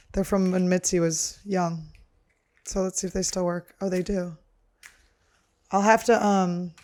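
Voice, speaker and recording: A woman hosting her comedy podcast, talking in a loose, rambling monologue. She rants with crude, sarcastic jabs at her own stories. Her voice sits at a middling pitch. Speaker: podcast host.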